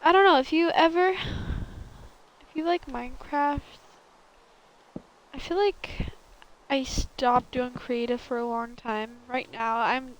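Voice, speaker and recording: High-voiced young woman streamer rambling. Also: steady tone, slow, long pauses, lo-fi sound. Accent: valley girl lilt. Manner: rambling, filler-heavy, self-correcting. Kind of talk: casual chat while gaming.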